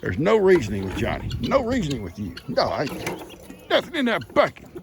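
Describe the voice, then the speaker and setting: A man's voice: on the high side, huge pitch swings, brisk. Older man chatting on his farm. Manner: chatty, talks sweetly to his animals. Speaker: farm vlogger. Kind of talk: casual farm vlog narration. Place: outdoors on a farm. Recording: noisy outdoor farm recording.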